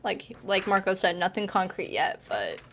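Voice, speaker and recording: A woman's voice: mid-range voice, very animated, normal speed. A woman playing a tabletop game, hesitant and trailing off as she talks. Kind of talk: casual play at the table.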